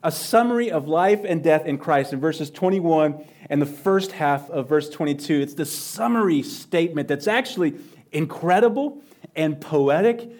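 A pastor delivers a sermon in a slightly high voice. He moves between loud, emphatic lines and near-whispers, repeating phrases to drive points home.

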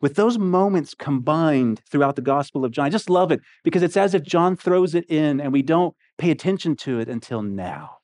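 A man's voice: a little high, expressive, normal speed, hardly any pauses, darkish tone. Man preaching a conversational sermon. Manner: conversational, emphatic, with rhetorical questions. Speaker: pastor.

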